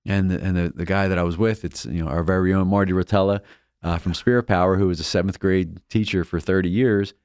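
A man with a low, gravelly voice tells a story in casual talk, restarting phrases and slipping into the voices of the people he quotes. He sounds close and dry on the mic, with no room around him. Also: fairly even intonation, quick pace, darkish tone, no echo. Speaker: co-host of a faith reflection show.

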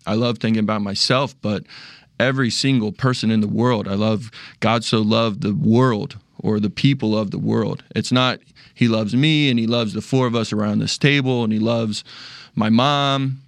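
A man's voice: lowish voice, fairly even intonation, moderate pace, creaky, no room sound, clean studio sound. A young man talking casually and earnestly about faith, often restarting his sentences. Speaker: discussion panelist.

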